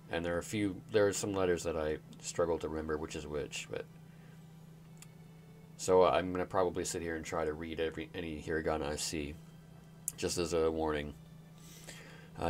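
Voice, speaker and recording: A man's voice: low-pitched, slight background noise. A young man giving hesitant, self-deprecating let's play commentary while sounding out words. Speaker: gaming YouTuber.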